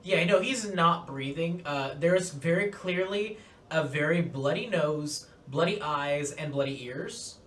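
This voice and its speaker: A man's voice: on the high side, unhurried. Man game-mastering from across a roomy space. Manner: relaxed, with many fillers. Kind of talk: narrating a tabletop game. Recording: roomy, distant mic, faint noise.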